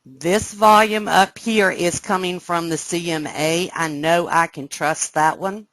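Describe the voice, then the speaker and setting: A woman teaching a live trading webcast, explaining step by step and often checking that listeners follow, sounding excited. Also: fairly low pitch, measured pace, dry recording. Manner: excited, animated. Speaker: trading instructor. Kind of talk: live trading room lesson.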